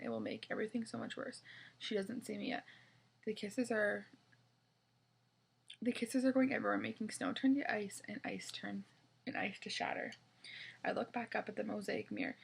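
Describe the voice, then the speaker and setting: A woman's voice: medium pitch, brisk, vocal fry, husky. A woman reading a children's chapter book aloud in a casual way, now and then stumbling and correcting herself. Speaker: reader.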